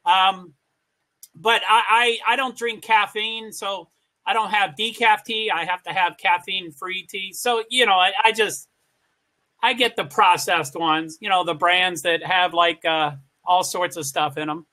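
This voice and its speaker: An American man co-hosting a casual live-stream chat. His voice is high and bright. He talks in a chatty, rambling way and breaks off to greet viewers as they come in. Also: fairly even intonation, measured pace. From United States. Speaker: co-host.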